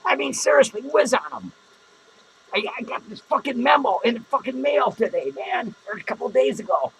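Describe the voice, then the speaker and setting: A man's voice: extremely high pitch, normal speed, a bit bright, a little hiss or hum, poor audio. A man playing a drunken, foul-mouthed, hot-tempered male clown who slurs, rambles and swears. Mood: indignant ranting. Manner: slurring, rambling, swearing constantly. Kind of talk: improvised character comedy monologue.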